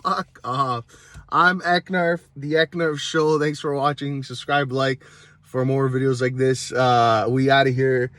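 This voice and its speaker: A man's voice: mid-range voice, level tone, unhurried, a bit bright, no room sound. A man hosting his own video show, delivering a heated, rambling rant full of constant swearing. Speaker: vlogger, show host. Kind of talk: profane comedic rant.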